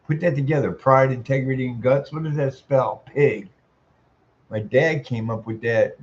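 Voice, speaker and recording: A man in his sixties with a voice he calls squeaky, ranting bluntly and swearing a lot as he comments. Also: darkish tone. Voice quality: self-described squeaky voice. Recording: muffled lo-fi audio.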